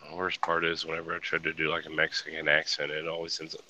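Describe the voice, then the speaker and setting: A man's voice: a bass voice, completely flat delivery, fast, background noise. A man telling crude jokes and stories in a casual group voice chat. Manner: crude joking storyteller. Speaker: chat participant.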